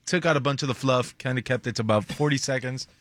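A man's voice: medium pitch, fast talker, dry recording. A man working as a radio show producer, chiming in with matter-of-fact remarks in casual studio chat.

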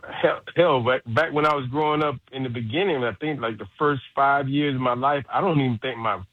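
A man's voice: medium pitch, fairly quick, no echo, narrow, tinny audio. A man from Ocala, Florida, co-hosting a radio talk show and chatting easily, with short agreeing murmurs, on a studio microphone. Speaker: radio co-host. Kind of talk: casual radio banter.

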